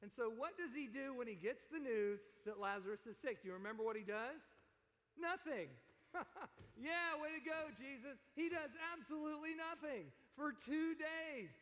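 A man preaching a sermon in a conversational, animated way, often asking his listeners questions. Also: extremely high pitch, long reverb tail. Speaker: pastor.

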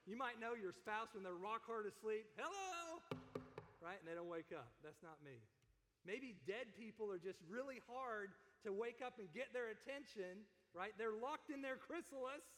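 A man with a high voice preaches to his congregation, keeping it casual and joking as he retells scripture. He builds to loud emphasis on his key points. His voice carries the long reverb of a big hall. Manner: conversational and joking, paraphrasing scripture in everyday speech. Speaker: pastor. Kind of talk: sermon.

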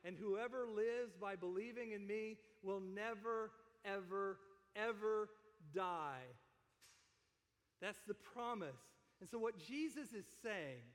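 A man with a high voice preaches to his congregation, keeping it casual and joking as he retells scripture. He builds to loud emphasis on his key points. His voice carries the long reverb of a big hall. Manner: conversational and joking, paraphrasing scripture in everyday speech. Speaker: pastor. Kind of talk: sermon.

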